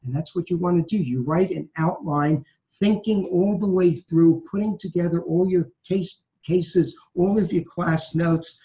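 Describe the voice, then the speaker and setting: A man's voice: sits high, measured pace, dark tone, poor audio. A man from New York with a light Brooklyn accent, a law professor giving emphatic advice and repeating his key phrases. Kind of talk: conversational advice talk.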